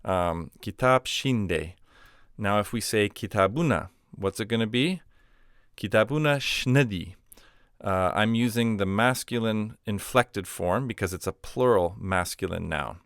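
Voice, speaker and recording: A man with a fairly low, smooth, resonant voice teaches a grammar lesson. He works through the examples patiently, saying each phrase slowly and repeating it. The sound is dry and close to the mic. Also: a bit bright, no echo. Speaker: language teacher.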